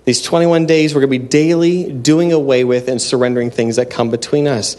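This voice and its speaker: Casting: male pastor, mid pitch, earnest, chatty sermon delivery with restarts in a church. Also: fairly even intonation, brisk, mellow. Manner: earnest, conversational, with frequent restarts.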